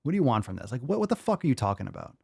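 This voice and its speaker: An exasperated male podcast host in his thirties rants casually, cursing freely and circling back over his points. His voice sits at an ordinary middle pitch, and the recording is dry and close. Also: big pitch swings, rapid-fire, creaky, dark tone, slightly rough, no room sound. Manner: profane, exasperated, repetitive. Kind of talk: casual ranting commentary.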